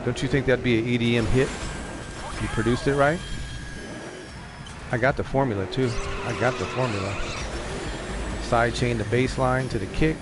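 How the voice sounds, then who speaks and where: A man streaming live, rambling in casual chat, excitable and profane. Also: medium pitch, a little fast, long pauses. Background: music playing.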